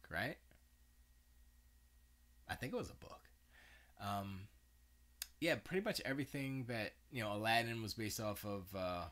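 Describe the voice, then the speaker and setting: A man's voice: medium pitch, a bit bright. A tired man hosting a livestream, chatting casually and rambling from thought to thought with many fillers and slangy asides. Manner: meandering, self-correcting, loose slangy talk with frequent fillers. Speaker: livestream host. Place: home studio.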